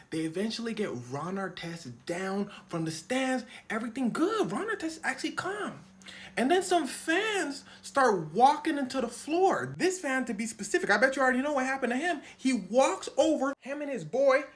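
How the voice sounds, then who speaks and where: A woman telling a comic story in a slangy, animated way, acting out quoted lines in funny voices. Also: fairly high pitch. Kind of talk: comic storytelling retelling a sports brawl.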